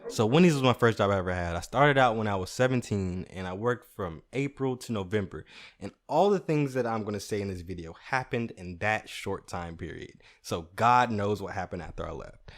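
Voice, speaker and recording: Animated young man telling a story. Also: on the low side. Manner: animated, swearing, laughing at his own stories. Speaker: podcast host. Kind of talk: casual comedic storytelling.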